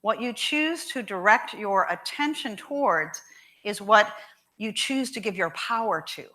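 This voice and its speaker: A woman minister preaching a sermon in a church, emphatic and expressive, repeating key lines slowly for weight. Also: medium pitch. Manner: emphatic and expressive, with measured repetition. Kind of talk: sermon with storytelling. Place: church sanctuary.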